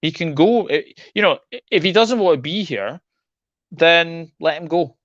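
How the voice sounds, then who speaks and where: A man's voice: fairly high pitch, normal speed, a bit bright, no echo, lo-fi sound. A man hosting a live football stream, ranting with frustration and often repeating himself and restarting sentences. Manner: frustrated, repetitive, stumbling restarts. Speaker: football channel host.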